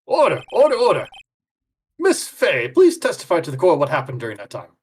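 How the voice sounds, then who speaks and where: A man's voice: a little high, wildly swooping pitch, quick pace, slightly rough, heavily acted. A man playing a blustering courtroom judge. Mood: commanding. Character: pompous courtroom judge, male.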